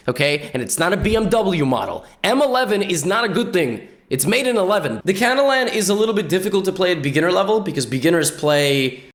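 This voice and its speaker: A man giving joking chess commentary in a playful, wisecracking way. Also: a little high. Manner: playful, wisecracking, jumps into silly voices. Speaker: chess YouTuber.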